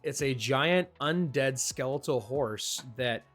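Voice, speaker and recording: A man's voice: medium pitch, expressive, slow, a bit bright, faint music behind. A man hosting a casual manga review, talking in a chatty, enthusiastic way with small restarts. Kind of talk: casual commentary.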